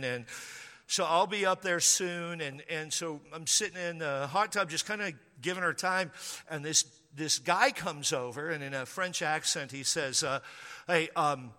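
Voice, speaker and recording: A man's voice: a little high, sharp tone, big-room sound. A middle-aged male pastor preaching a sermon as a chatty story, with joking asides and frequent restarts.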